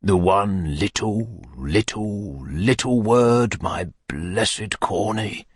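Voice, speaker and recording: A man voicing a pompous, amorous middle-aged parish beadle who woos in courtly, wheedling tones that sink to soft murmurs. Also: medium pitch, big pitch swings, slow, breathy edge, no echo, clean studio sound, pitched above the performer's own voice, exaggerated voice. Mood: rapturous.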